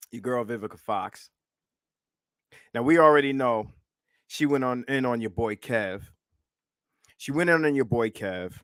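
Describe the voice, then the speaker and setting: A man's voice: mid-range voice, fairly bright tone, no echo, clean studio sound. Mocking, profane male livestream host. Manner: profane, mocking, laughs often. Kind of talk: casual livestream commentary.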